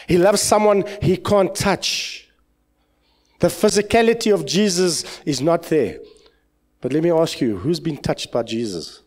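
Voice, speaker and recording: A man with a South African accent, a pastor preaching an impassioned sermon in church, swinging between loud exclamations and low asides. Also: animated, measured pace.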